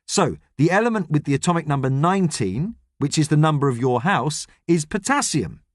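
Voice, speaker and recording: A man voicing a gruff, grumpy middle-aged astronaut, stern and lecturing in an audiobook. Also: a little high, very animated, brisk, no echo, clean studio sound. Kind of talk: audiobook character reading.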